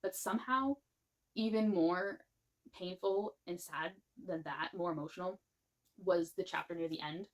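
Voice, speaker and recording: A woman reviewing a book series in a gushing, animated way, rambling with many restarts. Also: lowish voice, unhurried. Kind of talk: casual spoken book review.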